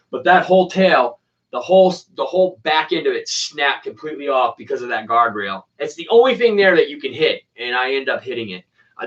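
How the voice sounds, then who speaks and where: A man's voice: mid-range voice, a bit bright. A man hosting a casual RC plane channel, chatting with viewers in laid-back slang. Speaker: RC plane hobbyist host. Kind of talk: casual chat, replying to viewers. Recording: distant, dull lo-fi sound.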